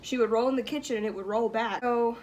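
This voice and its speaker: A woman's voice: on the high side, fairly even intonation, fast talker, darkish tone, a little hiss or hum. Giggly young woman vlogger telling a story. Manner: rambling, lots of "like" and giggles. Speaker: vlog host. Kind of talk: casual storytelling.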